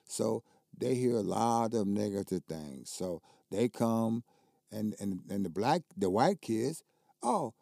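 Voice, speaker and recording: Older man, colloquial storyteller, emphatic, fry in the voice, warm tone. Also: fairly low pitch, expressive, slow pace, no room sound, clean studio sound. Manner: colloquial, emphatic, repeats words when worked up. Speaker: basketball coach and guest. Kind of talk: casual conversational storytelling.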